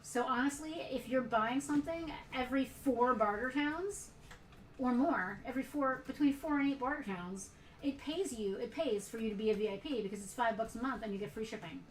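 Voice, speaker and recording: A woman hosts a live sale stream, chatting casually and rambling with lots of fillers. Her voice is a bit high. She sounds distant from the mic in an echoey room. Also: a little fast, a little hiss or hum. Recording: roomy, from off the mic.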